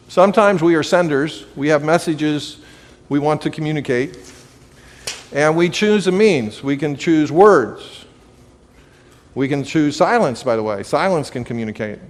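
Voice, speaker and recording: A man's voice: fairly high pitch, in a large hall. A man teaching a class on communication, talking conversationally and telling everyday anecdotes. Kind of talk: lecture to a live audience.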